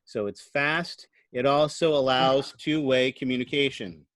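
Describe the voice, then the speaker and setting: A man's voice: medium pitch, a little slow, a bit bright, no echo. A man giving a recorded online lecture into a computer microphone, explaining things conversationally and often checking in with "right?". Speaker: college lecturer.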